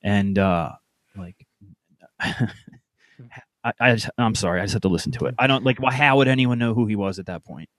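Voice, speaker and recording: A man's voice: fairly low pitch, moderate pace, long pauses, a bit bright, no echo. A man co-hosting a podcast in casual chat, sounding mocking and incredulous. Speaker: podcast co-host.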